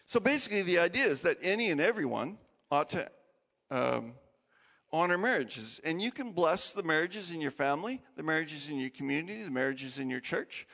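A man's voice: high voice, creaky, big-room sound. A male pastor giving an emphatic, conversational sermon to his congregation. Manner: animated, emphatic, conversational preaching with self-corrections. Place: church sanctuary.

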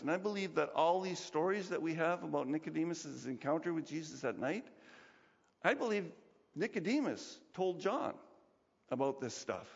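Animated male pastor, echoing sanctuary. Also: sits high. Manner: animated, conversational, acts out quotes. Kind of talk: sermon. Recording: dull recording, long hall reverb.

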